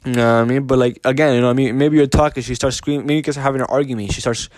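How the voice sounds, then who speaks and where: Male show host, mid pitch, blunt and profane, repetitive, insistent rhetorical questions, dry close sound. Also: fairly even intonation, very fast, darkish tone, dry recording. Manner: repetitive, profane, keeps asking "you know what I mean"; blunt and insistent, restarts sentences often. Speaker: podcast host giving dating advice. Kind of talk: casual unscripted monologue.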